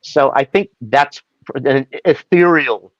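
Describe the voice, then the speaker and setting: A man's voice: mid-range voice, takes it slowly, no room sound, muffled recording. A male actor guest chatting in an interview, telling rambling stories and slipping into voices. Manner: rambling, animated storyteller who slips into voices. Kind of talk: casual interview chat.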